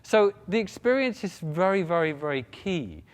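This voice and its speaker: Guy giving a keynote on stage, lively, cracks jokes, lots of hall echo. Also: high-pitched, moderate pace. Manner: animated, jokes with the audience. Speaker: keynote speaker. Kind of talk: conference keynote. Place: large conference hall stage. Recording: long reverb of a large hall.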